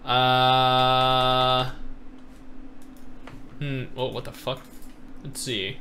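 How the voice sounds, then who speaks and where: A man's voice: mid-range voice, flat delivery, extremely slow, pushed and bright, slight background noise. An Australian man in casual, teasing chat while streaming a game. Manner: playful, teasing.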